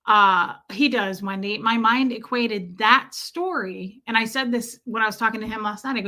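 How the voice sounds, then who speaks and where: A woman with a bright, clear voice pitched a touch high talks casually on a live stream, reading and answering viewer comments. She is chatty and reflective, drawing out the phrases she wants to stress. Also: a little slow. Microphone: streaming mic.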